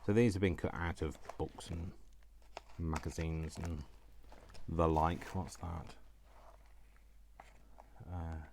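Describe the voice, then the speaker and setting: A man's voice: deep voice, steady tone, slow pace, pauses often, a little mellow, slight background noise. A man hosting a crafting vlog, rambling casually and talking to himself as he sorts through craft supplies at his desk. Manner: rambling, talks to himself while sorting. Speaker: crafting channel host.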